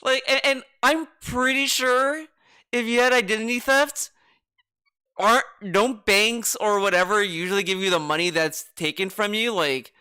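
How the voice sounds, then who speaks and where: A man's voice: sits high, normal speed, sharp tone, clear, resonant tone. A man streaming, commenting on clips in a mocking, sarcastic way. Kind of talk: casual commentary.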